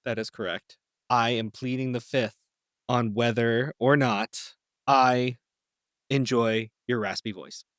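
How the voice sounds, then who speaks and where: A young man co-hosts a podcast in a playful, teasing way. His mid-range voice keeps jumping into high, squeaky outbursts. The sound is dry and close to the mic. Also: steady tone, slow, fairly bright tone, no room sound. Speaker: podcast co-host. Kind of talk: casual chat.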